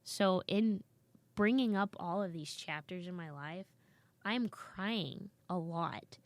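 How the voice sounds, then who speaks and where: A woman comedian in her thirties chatting casually as a podcast guest, telling animated stories and acting out quoted voices. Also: fairly low pitch, slow pace, no room sound.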